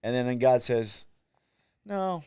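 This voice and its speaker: A man's voice: medium pitch, animated, moderate pace, a little mellow, dry recording, clean studio sound. A man hosting a faith podcast, telling reflective stories about prayer and quoting his own conversations. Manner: reflective, storytelling, quotes himself and friends. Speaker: podcast host.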